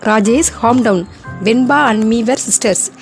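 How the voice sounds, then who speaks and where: A meek young wife voiced by a woman pleads for calm. Her voice is fairly high and gently placating. Faint cartoon music plays behind her. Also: unhurried. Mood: pleading.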